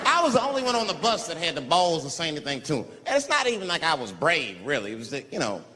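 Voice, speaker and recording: A man telling a stand-up story to a live audience, acting out the people in it with loud shrieks. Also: fairly high pitch, quick pace, a little hiss or hum. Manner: animated, acts out characters with loud shrieks. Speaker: stand-up comedian. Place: large theater with live audience. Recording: reverberant venue, loud crowd laughter.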